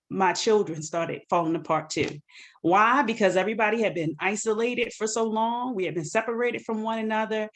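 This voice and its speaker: A woman author giving an earnest personal testimony about grief on a video call, sometimes quoting scripture. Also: mid-range voice. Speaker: guest author.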